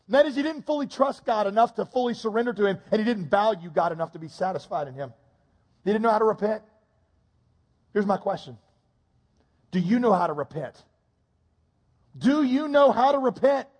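A man preaches with a husky, somewhat high voice, leaning in softly and slowly before climbing into loud, pressing emphasis. His sermon rings out with a long hall reverb around it. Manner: shifts from hushed, slow intimacy to loud, rising urgency. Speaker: pastor.

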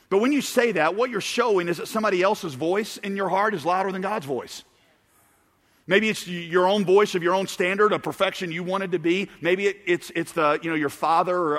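A man preaching a sermon as pastor, swinging between forceful declarations and quieter, conversational stretches. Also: high-pitched, long reverb tail. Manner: preaching with dramatic shouted quotes and swings in volume.

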